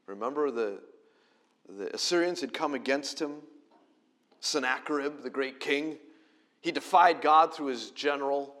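A middle-aged man, a pastor, preaching a conversational sermon that swings between loud emphasis and quiet, close delivery. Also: medium pitch, a little slow, long pauses.

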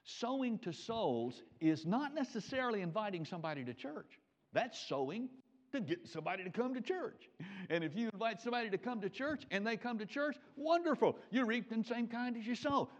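Animated preacher man, dull lo-fi sound. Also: normal speed. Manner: animated, swings from loud emphatic peaks to low quiet asides. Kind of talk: sermon. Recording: dull lo-fi recording.

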